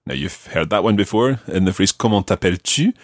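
A man hosting a podcast language lesson, patiently prompting a learner and slowing down for example phrases. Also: sits low, lively intonation, no room sound, studio quality. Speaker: language teacher and podcast host.

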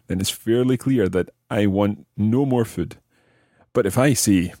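A man hosting a language podcast, explaining phrases patiently and slowing down to model them. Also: lowish voice, warm tone, breathy edge, no room sound, clean studio sound. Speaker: language teacher and podcast host. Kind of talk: explanatory lesson narration.

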